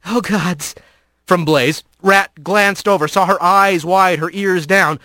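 Male narrator, high bright voice, dry close sound, lively storybook read. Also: unhurried, dry recording. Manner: vivid, varied reading.

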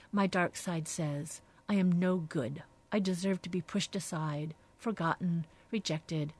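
A middle-aged woman hosts a radio show and reads aloud from a devotional book. Her voice sits a little low, and her delivery is slow and reflective. She slips into hushed phrases now and then.

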